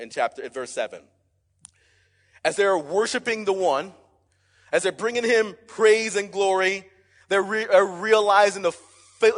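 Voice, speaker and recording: A young male pastor delivers an energetic, emphatic sermon and keeps calling out to the congregation. His voice sits high for a man. The sound rings with the long reverb of a large church hall. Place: church sanctuary.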